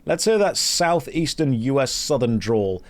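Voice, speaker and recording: A man's voice: medium pitch, very animated, a little slow. A British man chatting casually and joking while streaming a game. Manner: joking, rambling. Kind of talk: casual gameplay chat.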